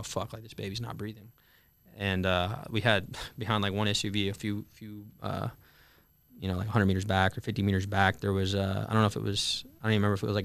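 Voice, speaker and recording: A young man in his twenties telling a story in a candid, profane way, halting with many fillers in an interview. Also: on the low side, clean tone, dry recording. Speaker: guest, Marine veteran.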